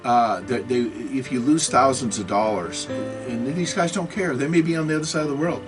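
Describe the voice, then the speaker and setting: A man's voice: medium pitch, brisk. A man giving a self-made talk on computer security, agitated and apologetic, with frequent restarts, over faint music.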